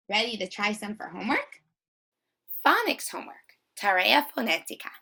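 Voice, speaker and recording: A woman teacher giving a recorded phonics lesson for children, sounding out vowels slowly and repeating each one with emphasis. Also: medium pitch, sing-song, gravelly, pushed and bright, slightly rough.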